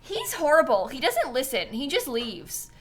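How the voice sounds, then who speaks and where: A woman's voice: fairly high pitch, big pitch swings, unhurried, music in the background. A young woman streamer chatting casually while playing a game, tired and yawning, with lots of ums and likes and frequent laughs. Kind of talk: casual live-stream gameplay chat.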